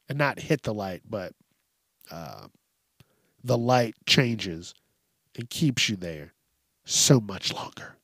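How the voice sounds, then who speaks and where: A man's voice: expressive, takes it slowly, long pauses, fairly bright tone, husky, no echo, clean studio sound. A man hosting a podcast, ranting casually and profanely about everyday annoyances, with an exasperated tone. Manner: profane, exasperated, mimics people in high voices. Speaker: podcast host.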